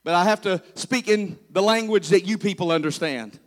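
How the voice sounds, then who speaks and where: A man's voice: high-pitched, normal speed. A middle-aged man from southern West Virginia, a pastor preaching a humorous sermon with folksy storytelling and playful asides to the congregation, in a southern West Virginia accent. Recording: reverberant church hall.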